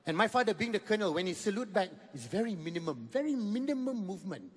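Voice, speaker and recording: A man in his fifties with a Malaysian accent, performing an animated stand-up comedy set and repeating words in rapid bursts. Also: high-pitched. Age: 50s. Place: large venue with live audience. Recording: echoey hall with audience noise.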